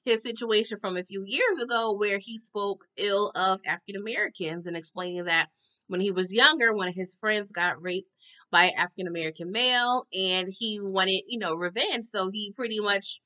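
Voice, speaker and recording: A woman giving a chatty, slangy recap of a TV episode, with quick asides. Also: mid-range voice, bright, forceful tone, muffled recording. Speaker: TV episode reviewer. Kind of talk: casual TV recap.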